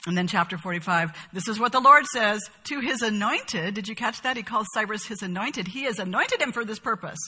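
A woman leads a Bible study, reading verses aloud and explaining them with expressive emphasis. Her voice is bright and a little husky. A long hall reverb trails behind her words. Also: medium pitch, brisk, hardly any pauses.

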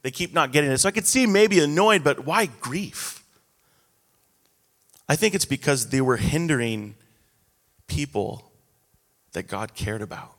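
A man's voice: medium pitch, fairly bright tone. A man in his thirties preaching a sermon, telling stories in a casual, self-deprecating, conversational way. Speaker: pastor. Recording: echoey hall.

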